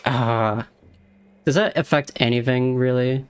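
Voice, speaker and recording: A man's voice: mid-range voice, steady tone, a little slow, clear, resonant tone. A young man streaming a video game live, talking to himself and chat in an exasperated, swearing way.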